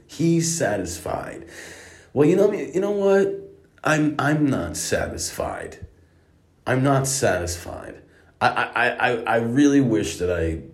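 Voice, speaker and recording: A man telling a profane comic story in an exasperated, ranting way, with heavy swearing. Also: medium pitch. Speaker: comedic storyteller.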